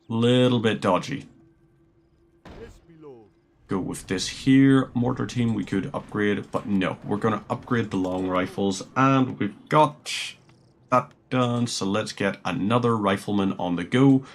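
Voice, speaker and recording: A man's voice: lowish voice, a little hiss or hum. A man streaming a strategy game, rambling chattily and musing aloud as he plays. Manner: rambling, chatty, muses aloud while playing. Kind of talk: casual gameplay commentary.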